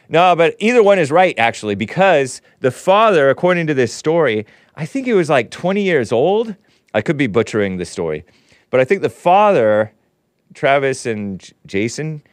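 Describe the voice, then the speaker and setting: A man hosts his own talk stream in a slow, unhurried voice that swings widely up and down. He rambles through the news with sardonic, chuckling asides, and the sound is dry and close. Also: medium pitch, dry recording. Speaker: livestream show host. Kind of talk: casual commentary. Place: home studio.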